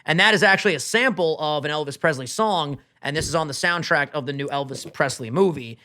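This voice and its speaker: A man co-hosting a podcast, in a casual chat, animated and jokey with hyped banter. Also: a little high, brisk. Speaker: podcast co-host.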